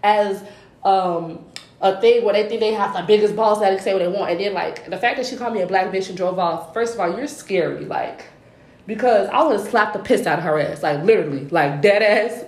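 A young woman, co-hosting a podcast, telling a heated story in a lively, swearing chatty way. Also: medium pitch, fairly quick. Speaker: podcast co-host. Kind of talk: casual chat. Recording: roomy echo with faint hiss.

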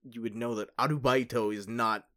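A man's voice: medium pitch, steady tone, normal speed, a bit bright. A man chatting casually on a podcast, laid-back and full of fillers, with the occasional swear word. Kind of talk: casual chat.

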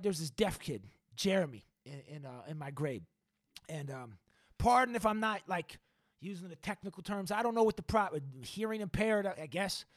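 A man's voice: high-pitched, dry recording, studio quality. A young man hosting a podcast, talking in a rambling, profane, slangy monologue with his ears clogged. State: ears clogged, unsure of own loudness. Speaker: podcast and radio host. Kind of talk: casual monologue.

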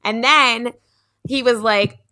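A woman's voice: fairly high pitch, fairly even intonation, takes it slowly, sharp tone, dry recording, studio quality. A woman podcast co-host in candid casual chat, animatedly retelling a tense conversation, quoting people, swearing and laughing often.

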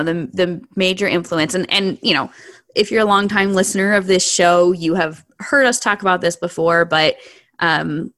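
A woman's voice: lowish voice, a bit bright, dry recording, clean studio sound. A woman hosting a music podcast, talking in a conversational, explanatory way with many fillers. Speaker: podcast host. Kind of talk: casual podcast chat.

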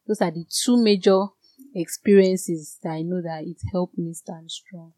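Earnest woman, low voice, dry close sound. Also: unhurried, no echo. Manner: earnest and direct, animated when indignant, laughs at herself. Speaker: guest sharing a personal story. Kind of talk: candid personal testimony.

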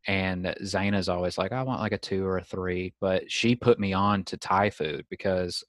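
A man's voice: sits low, fairly even intonation, moderate pace, a bit bright, no room sound. A young man with a Southern accent, hosting a casual podcast chat and telling stories full of "like". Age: young adult. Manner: chatty storyteller, many "like" fillers. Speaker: podcast host. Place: home in San Diego.

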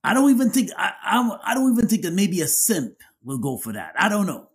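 A man with a husky, slightly raised voice gives emphatic casual commentary. His pitch swings in a lively way, and he hammers a point by repeating the same phrase. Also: a little fast.

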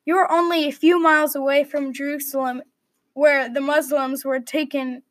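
Woman reading a kind priest welcoming knights, high clear voice, dry. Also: little pitch movement, moderate pace, no room sound, lightly acted. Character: kindly male village priest.

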